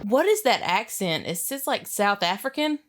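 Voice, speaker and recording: A woman hosting a casual movie reaction, giggly and animated, speaking into a desk mic at home. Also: medium pitch. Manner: giggly, animated, quick to laugh. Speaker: reaction video host. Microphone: USB desk mic.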